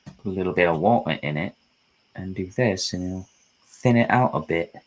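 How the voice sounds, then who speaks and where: A man's voice: deep voice, moderate pace, a little hiss or hum. A young man hosting a live painting stream, chatting casually and jokingly, now and then singing snatches of songs. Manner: joking, sings snatches of songs, slips into silly voices. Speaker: livestream painting host. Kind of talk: casual chat while painting.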